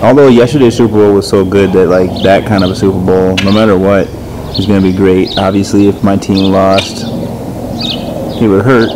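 A man's voice: sits low, steady tone, moderate pace, background noise. A man who runs a dog kennel, chatting casually for a vlog in his yard, rambling and correcting himself as he goes. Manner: rambling, self-correcting, talks baby talk to his dogs. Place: outdoors in a yard.

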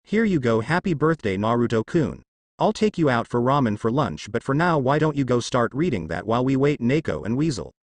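A man voicing a young woman ninja who is fierce yet gentle and protective, read as a fanfiction audiobook. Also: medium pitch, big pitch swings, a little fast, no room sound. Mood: playful teasing. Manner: protective, teasing.

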